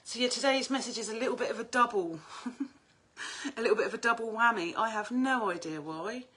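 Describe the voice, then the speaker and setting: Middle-aged woman, husky bright voice, casual livestream chat, chatty and salty-tongued. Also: a little high, fairly quick. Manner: chatty, animated, swears freely. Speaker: oracle card reader and group host.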